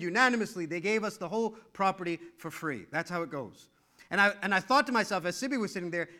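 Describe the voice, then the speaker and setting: Middle-aged pastor guy preaching, high bright voice, animated and emphatic. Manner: animated, repetitive storytelling, emphatic. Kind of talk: sermon.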